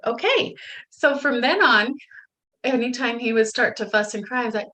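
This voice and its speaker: A middle-aged woman in casual conversation, telling family stories in an animated way, often slipping into quoted voices and laughing. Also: fairly high pitch, moderate pace, rough recording.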